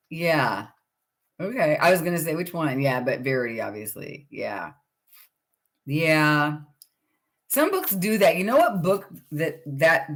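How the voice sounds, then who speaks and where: A middle-aged woman hosting a casual book club livestream, talking in a chatty, rambling way and greeting viewers by name. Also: low-pitched.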